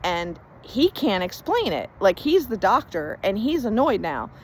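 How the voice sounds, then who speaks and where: A woman's voice: medium pitch, big pitch swings, measured pace, slight background noise, poor audio. A woman coach telling her personal healing story in a casual, chatty way, earnest and emphatic about her faith. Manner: chatty storytelling, reenacts conversations with "and I'm like". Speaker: faith-based life coach.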